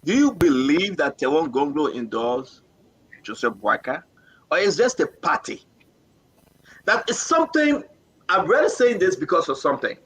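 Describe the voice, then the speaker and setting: A man runs a live political talk show over an online call. His voice is bright and sits fairly high, and he moderates insistently, cutting in on guests to press his questions. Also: sing-song, normal speed, pauses often, slightly rough, rough recording.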